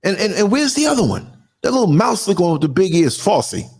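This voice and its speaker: A man's voice: high voice, very animated, quick pace, a little mellow, husky. A man in his sixties hosting his own podcast, giving a fiery, indignant monologue with strong emphasis. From United States. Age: 60s. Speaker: podcast host and culture critic. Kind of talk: ranting monologue.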